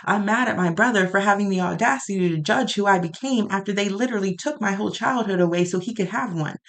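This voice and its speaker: A woman's voice: medium pitch, fast talker. A woman speaking an emotional prayer aloud, raw, pleading and angry.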